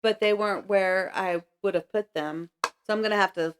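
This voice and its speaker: A woman's voice: medium pitch, fairly even intonation, normal speed, slight background noise. A woman co-hosting a casual book podcast, talking in an easygoing, conversational way. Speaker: podcast co-host.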